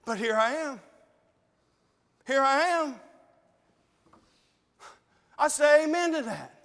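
A high-pitched man preaches to his congregation, earnest and pleading. His voice rings through a church hall with a long reverb tail. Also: takes it slowly, a bit bright. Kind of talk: sermon.

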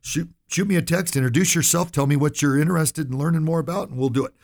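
A man's voice: on the high side, fast talker, creaky. A man hosting a financial radio talk show, speaking directly to listeners in a folksy, emphatic way and often checking in with "right?" and "okay?".

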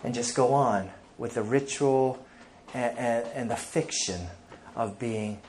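A man's voice: medium pitch, slow, a little mellow, slight background noise. Man preaching an emphatic sermon. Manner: emphatic preaching with scripture reading. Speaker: pastor.

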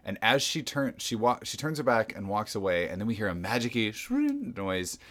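A man's voice: fairly low pitch, very animated, moderate pace, fairly bright tone. A man co-hosting a podcast, recapping a TV episode with dry, blunt remarks. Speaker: podcast co-host. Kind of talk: casual TV recap chat.

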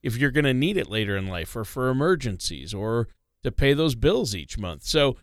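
A man co-hosting a talk show, speaking in a measured way with frequent "uh" fillers. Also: mid-range voice, sing-song, no room sound, clean studio sound. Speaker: show co-host. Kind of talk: casual radio chat.

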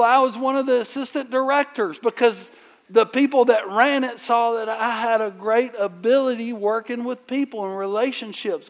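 A middle-aged man preaching in a conversational, animated storytelling way, with sudden loud bursts. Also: very high-pitched. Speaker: pastor. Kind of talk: sermon.

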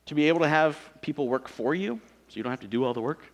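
A man's voice: on the high side, animated, quick pace, long reverb tail. A man in his thirties preaching a sermon in a casual, joking, self-deprecating manner. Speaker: pastor.

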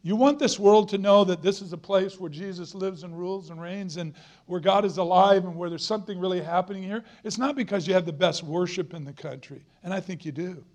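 Male guest preacher, middle-aged, fairly high voice, earnest emphatic sermon delivery with repeated lines. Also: a little fast, few pauses, darkish tone.

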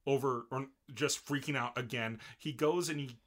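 A man's voice: medium pitch, fairly even intonation, normal speed, fairly bright tone. A man chatting casually as a podcast co-host, with a mid-range voice. He rambles, backs up and restarts his sentences, and laughs easily as he recaps. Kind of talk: casual chat recapping an anime.

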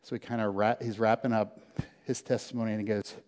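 A pastor preaches a sermon, telling a story fast and animatedly, with loud bursts that drop into hushed, low lines. The recording carries long hall reverb.

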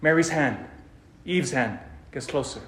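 A man preaching a sermon and telling the story dramatically, dropping to a hush and then rising loud. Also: fairly high pitch, expressive, measured pace, slight background noise. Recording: echoey room.

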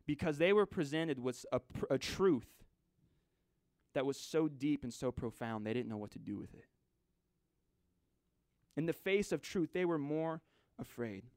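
A man's voice: a little high, lively intonation, unhurried, long pauses, no echo, studio quality. Dramatic man preaching a sermon. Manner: conversational, dramatic swings from loud to hushed.

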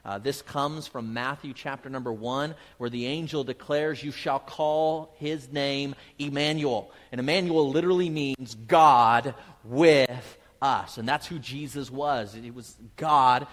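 A man's voice: medium pitch, unhurried, hardly any pauses, long reverb tail. A man preaching a sermon, telling a family story and building to emphatic, repeated phrases. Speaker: pastor.

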